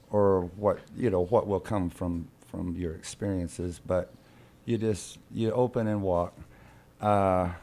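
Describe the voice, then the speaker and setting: A man in his fifties from Oklahoma, a radio guest telling a story in a rambling, halting way with many restarts. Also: lowish voice, a little mellow. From Oklahoma, USA. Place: radio studio.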